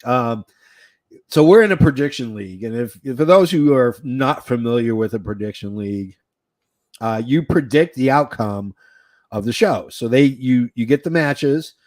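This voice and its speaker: A man co-hosting a wrestling podcast in casual chat, excitable and joking, rambling with fillers. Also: mid-range voice, normal speed, no room sound. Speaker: podcast co-host.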